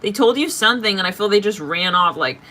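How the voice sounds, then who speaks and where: A woman reading tarot cards for her audience in a loose, chatty way. Her voice is bright and forceful, and she is blunt and openly exasperated, with plenty of swearing thrown in. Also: medium pitch, expressive, fast talker, a little hiss or hum. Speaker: tarot reader. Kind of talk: casual tarot reading to camera.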